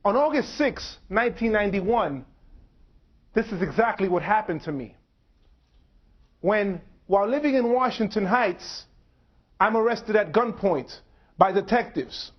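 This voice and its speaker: A man in his forties gives a public lecture in short, measured phrases separated by dramatic pauses. His fairly high voice is expressive, though the recording sounds dull and lo-fi.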